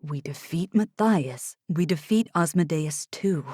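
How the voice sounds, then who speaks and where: A woman's voice: unhurried, darkish tone, no room sound, clean studio sound. Woman voicing a hard-voiced young soldier. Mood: tense. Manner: hard, clipped, low and urgent. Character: Oliver, tense steady young male soldier. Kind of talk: audiobook character voice.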